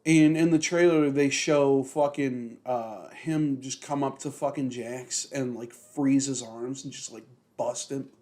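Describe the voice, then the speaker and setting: A man's voice: medium pitch, fairly even intonation, a little slow, few pauses, a little mellow. A young man co-hosting a podcast in casual chat, rambling with lots of fillers and constant swearing. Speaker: podcast co-host.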